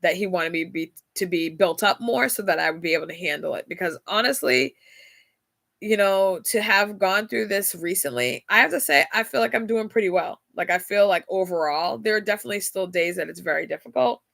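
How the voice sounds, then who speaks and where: Bright-voiced chatty woman host. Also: lowish voice, a little fast, gravelly, no echo, studio quality. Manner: chatty, laughing often, addresses listeners directly. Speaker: podcast host. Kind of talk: casual faith-based talk.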